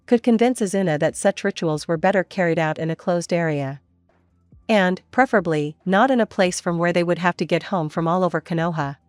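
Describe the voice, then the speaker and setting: A woman reading a fan-fiction story aloud as narrator, in a steady read-aloud way. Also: lowish voice, no room sound.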